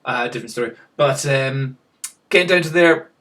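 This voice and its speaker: A man's voice: mid-range voice, moderate pace, a bit bright. A man chatting casually to camera in a rambling, self-mocking way, chuckling at himself. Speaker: vlogger.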